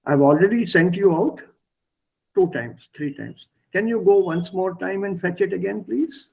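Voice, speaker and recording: A man's voice: sits high, a little slow, gravelly, a little mellow, breathy edge, low-quality recording. A man teaching German in an online class, explaining patiently and repeating words and stresses for his learners. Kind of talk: online language lesson.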